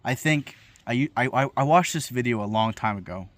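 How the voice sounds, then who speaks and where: A man's voice: mid-range voice, expressive, normal speed, no room sound. A young man talking to camera in a profane, incredulous comedic rant, swearing freely as he riffs. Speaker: vlogger.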